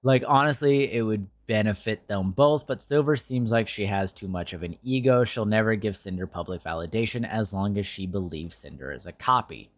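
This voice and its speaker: A man's voice: lowish voice, normal speed, few pauses, dry recording, studio quality. A young man streaming and commenting casually, ranting in a blunt, profane way.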